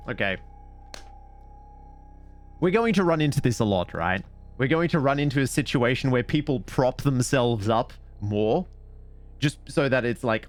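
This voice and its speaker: A man streaming casual commentary and reading stories aloud in an animated, digressive, self-mocking way. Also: medium pitch, unhurried, soft background music.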